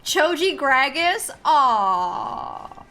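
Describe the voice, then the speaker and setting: Her voice sits high with big pitch swings, bright and forceful, and she speaks very slowly. She's casually chatting with viewers while streaming a game, giggly and self-deprecating, over video game music.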